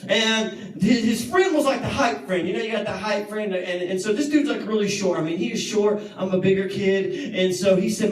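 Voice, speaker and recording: A man's voice: sits high, fairly quick. A young man in his twenties, a youth pastor, telling a story in his sermon, joking with the crowd and acting out what people said. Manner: animated, jokey, acts out quotes, banters with the crowd. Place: youth service room. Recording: echoey room, mic at a distance.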